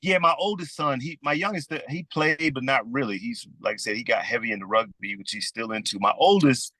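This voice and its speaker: A man in his fifties with a Southern US accent, chatting easily as a podcast guest and telling stories in a relaxed way. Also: medium pitch, fairly quick, dry recording. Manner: easygoing storyteller, calls people "man". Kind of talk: casual conversation.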